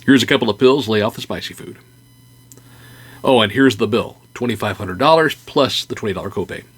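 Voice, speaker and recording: A man voicing a male doctor who sounds flat and matter-of-fact. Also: on the low side, a little fast, slightly rough.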